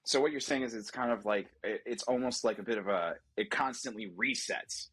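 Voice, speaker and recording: A man's voice: fairly low pitch, fairly quick, fairly bright tone, slightly rough. A man in casual podcast chat, talking loosely with hedges and the odd swear. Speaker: podcast co-host.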